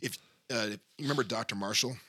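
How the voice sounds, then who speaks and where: A man's voice: mid-range voice, quick pace, bright, forceful tone, breathy edge, no echo. A man speaking as a counselor in a casual discussion, laid-back, slangy and jokey.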